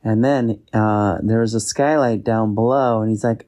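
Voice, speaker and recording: A father telling his son an improvised bedtime story in a gentle, rambling way. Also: on the low side, fairly even intonation, normal speed.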